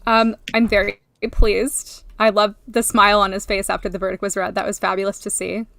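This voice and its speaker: A woman co-hosting a casual livestream chat, polite and gently teasing. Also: medium pitch, little pitch movement, brisk, gravelly, dry recording.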